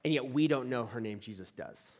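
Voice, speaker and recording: A man's voice: medium pitch, a little fast, a little mellow. A young man giving a casual storytelling sermon to a live audience, chatty and full of "like" fillers and questions to the room. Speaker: campus ministry speaker. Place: large hall before a live audience. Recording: echoey hall.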